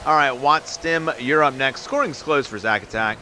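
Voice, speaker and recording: A man streaming and giving quick, upbeat live commentary on viewer runs in a game, calling scores and turn order. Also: mid-range voice, music in the background. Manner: upbeat, quick hype calls with laughs.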